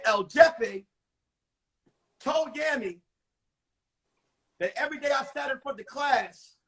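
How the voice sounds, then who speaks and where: A man in his forties, a comedian telling crude, animated stories about his school days on a phone livestream. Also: extremely high pitch, husky. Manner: animated, profane storytelling with acted-out voices. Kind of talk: stand-up storytelling on a livestream.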